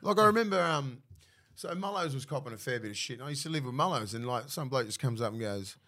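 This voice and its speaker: A man's voice: mid-range voice, fast. Blokey, swearing Australian man in his thirties. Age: 30s. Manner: swears freely, animated storytelling with mimicked voices. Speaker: former rugby league player, guest. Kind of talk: casual podcast chat.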